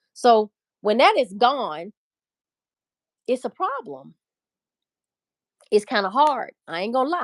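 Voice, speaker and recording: A woman's voice: a little high, no room sound, studio quality. A woman hosting a casual livestream chat, talking in a candid, emphatic, profane and rambling way. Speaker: livestream host.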